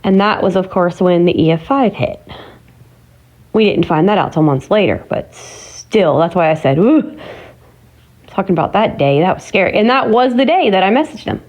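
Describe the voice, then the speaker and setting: A woman's voice: medium pitch, animated, moderate pace, darkish tone, low-quality recording. A woman chatting casually at home on her vlog, rambling and exclaiming, sometimes muttering to herself. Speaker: vlogger. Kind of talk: casual chat.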